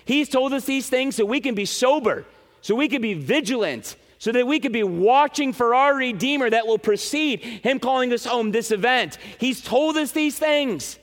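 A man preaching a sermon to his congregation in an animated way, with frequent "right?" asides. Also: extremely high pitch, normal speed. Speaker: pastor. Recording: reverberant hall.

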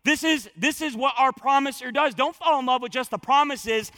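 A man preaching a sermon in a notably high voice with a bright, forceful edge. He reads scripture aloud, then breaks into lively, conversational asides to the congregation. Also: moderate pace. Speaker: pastor.

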